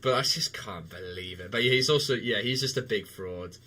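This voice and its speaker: A man's voice: fairly low pitch, a little fast, bright, forceful tone. A young man streaming a game, chatting loosely and laughing often, with many restarts. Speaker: livestreamer. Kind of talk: casual chat while gaming.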